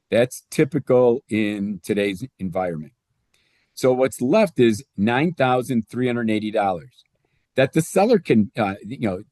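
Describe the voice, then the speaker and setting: A man's voice: mid-range voice, darkish tone, no room sound, clean studio sound. A man explaining home loan math step by step in a conversational teaching style. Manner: conversational, walks through numbers step by step. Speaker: real estate presenter.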